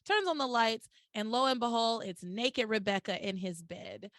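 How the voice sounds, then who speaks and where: A woman hosting a podcast, recapping in casual chat as an animated storyteller with exclamatory asides. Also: fairly high pitch, moderate pace, dry recording, studio quality. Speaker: podcast host.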